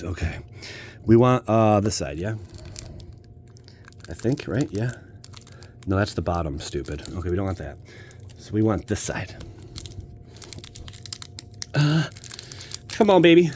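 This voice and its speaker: A man's voice: fairly low pitch, a little mellow, a little hiss or hum. An American man hosting a casual pack-opening video, joking and talking straight to his viewers. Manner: playful, jokey, talks to viewers. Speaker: channel host opening card packs.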